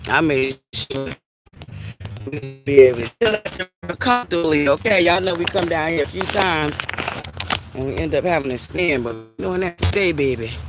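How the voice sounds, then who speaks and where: A woman chatting and laughing with viewers on a livestream while walking outdoors by a river, a bit winded from the heat. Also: low-pitched. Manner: chatty, animated, laughs often, talks to viewers as Buttercups. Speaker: livestream host. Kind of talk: casual walking livestream chat.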